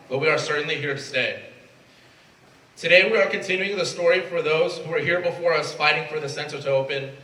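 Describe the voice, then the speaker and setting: A man's voice: a little high, brisk, pushed and bright. A young man from Mexico, the new president of a student club, giving an earnest, emotional prepared speech. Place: event space at a college. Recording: echoey room from far off, faint ambience.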